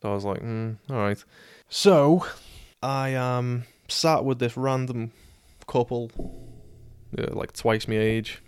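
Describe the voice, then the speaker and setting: A man's voice: medium pitch, slow, long pauses, clear, resonant tone, no room sound. A man in his twenties with a British accent, telling a personal story casually, sweary and self-deprecating. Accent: British English. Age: 20s.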